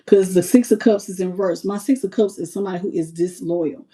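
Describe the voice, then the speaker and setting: A woman reading tarot on a live stream, chatty and expressive, talking straight to her viewers. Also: fairly low pitch, brisk. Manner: chatty and expressive, talks to viewers as "y'all" and "baby". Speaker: tarot reader.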